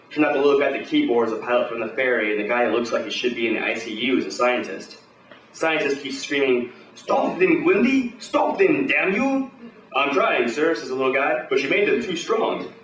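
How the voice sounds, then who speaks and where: A man's voice: mid-range voice, fairly bright tone, roomy sound, recorded from a distance, a little hiss or hum, rough recording. Swaggering man reading pulp live. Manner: swaggering tough-guy narration, profane. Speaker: performer at an open reading. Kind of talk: hard-boiled pulp story read aloud live.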